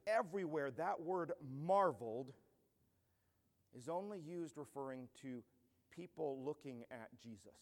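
A man's voice: on the high side, big-room sound. A man pastor preaching an earnest, emphatic expository sermon in a church.

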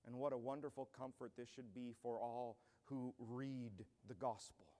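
A man's voice: medium pitch, fairly even intonation, normal speed, mellow, in a large hall. A man pastor preaching an earnest, emphatic expository sermon in a church.

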